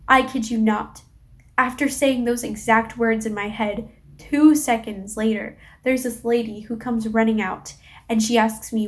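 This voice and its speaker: A woman's voice: on the high side, level tone, normal speed. A young woman recounts a stressful personal story straight to the camera in a casual vlog. She talks candidly and expressively, with plenty of swearing. She acts out the dialogue of the people in her story as she goes. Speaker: vlogger.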